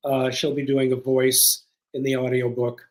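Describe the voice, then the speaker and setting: An older man speaking as a guest in a casual interview, relaxed with dry humor. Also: mid-range voice, moderate pace, poor audio. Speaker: guest filmmaker.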